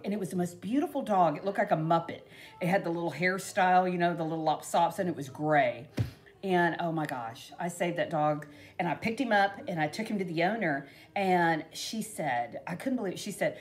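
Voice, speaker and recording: Speaking fairly quickly in a fairly low-pitched voice, a middle-aged woman rambles through a craft tutorial for her vlog. The DIY chat is casual and full of laughs and "you know"s.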